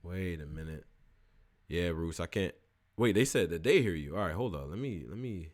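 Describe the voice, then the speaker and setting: A man in his early thirties hosting a live call-in show, telling animated, slang-heavy stories and then sliding into loose, mumbled housekeeping. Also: normal speed. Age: early 30s. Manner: animated slangy storytelling, switches to loose low-key housekeeping. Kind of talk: casual live call-in monologue.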